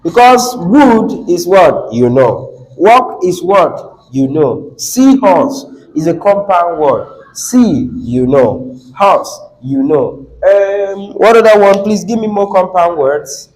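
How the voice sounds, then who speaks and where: A man lectures a classroom at an unhurried pace. His voice sits a little higher than most men's, and he keeps repeating key words and quizzing the students with questions. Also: very animated, a little mellow, rough recording. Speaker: teacher.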